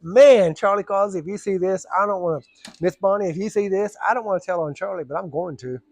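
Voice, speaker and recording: High-voiced man telling a story. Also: a little fast, a little mellow. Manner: rambling, drawling Southern storyteller, acts out voices. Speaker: storyteller vlogger. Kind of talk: casual storytelling.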